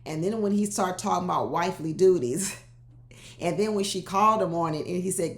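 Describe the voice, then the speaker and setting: Lively woman recapping reality TV. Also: lowish voice, fairly quick, roomy sound. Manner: animated, laughing, talks straight to cast members. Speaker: reality show recap host. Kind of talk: casual commentary.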